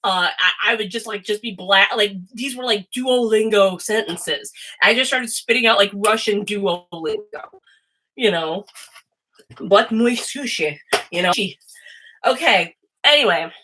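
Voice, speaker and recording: A woman's voice: medium pitch, measured pace, bright, forceful tone, rough recording. A woman hosting a casual livestream and reading tarot, rambling and chatty and swearing freely. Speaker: host and tarot reader.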